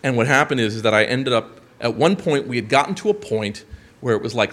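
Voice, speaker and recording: A man in his thirties telling a profane story to an audience, animated, swearing and jumping into quoted voices. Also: mid-range voice, fairly quick.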